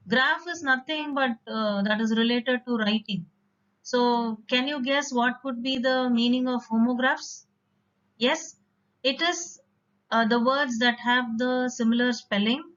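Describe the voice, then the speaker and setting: A woman teaches a vocabulary lesson in a patient, explanatory way, pausing on fillers as she works through examples. Her voice sits a little high, and the recording is dull and lo-fi. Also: a bit bright. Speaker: English teacher.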